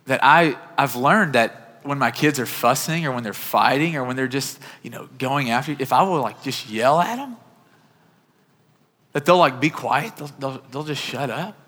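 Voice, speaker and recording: A man's voice: medium pitch, animated, moderate pace, pushed and bright. A man in his thirties preaching a sermon in a church auditorium. He tells a personal story in an earnest, conversational way. His voice sits in the middle of the range and carries a long echo from the hall. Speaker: pastor.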